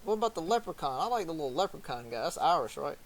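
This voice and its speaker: A man's voice: on the high side, big pitch swings, fast talker, a little hiss or hum. A man vlogging casually, joking and swearing as he talks. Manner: joking, profane, laughing often. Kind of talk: casual screen-recording chat.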